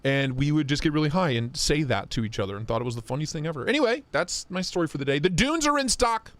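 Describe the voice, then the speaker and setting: A man's voice: on the high side, expressive, fast, fairly bright tone, dry recording. A young man hosting a livestream in casual, profane, joking chat, reading viewer comments aloud. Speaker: livestream host. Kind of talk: casual live-stream chat.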